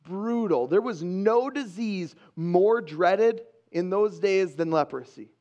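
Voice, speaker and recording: A man pastor preaching a sermon in an earnest, conversational way, with pauses for emphasis. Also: high voice, a little mellow, highs cut off.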